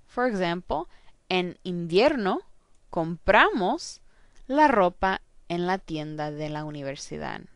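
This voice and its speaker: A woman teacher giving a recorded grammar lesson, slowly and carefully saying each verb ending aloud. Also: on the low side, big pitch swings, no echo. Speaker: Spanish teacher.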